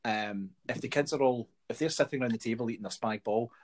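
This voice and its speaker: A man in his forties, chatting casually and ranting in an animated, sweary way with bursts of laughter. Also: mid-range voice, quick pace. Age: 40s. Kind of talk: casual chat.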